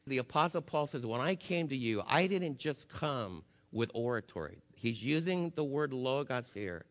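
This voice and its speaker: A man preaching a sermon as pastor, impassioned, swinging from loud declarations to hushed, intense passages. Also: mid-range voice, lively intonation, moderate pace, few pauses. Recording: long hall reverb.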